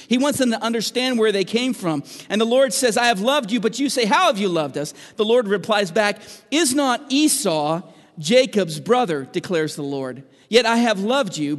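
A man preaching a sermon as pastor, moving between emphatic and hushed delivery. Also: sits high, big-room sound.

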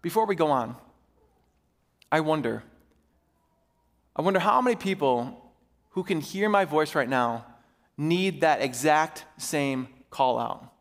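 Male pastor, high voice, impassioned sermon, reverberant sanctuary. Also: expressive. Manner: impassioned, swings between urgent and slow, emphatic delivery. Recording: reverberant hall.

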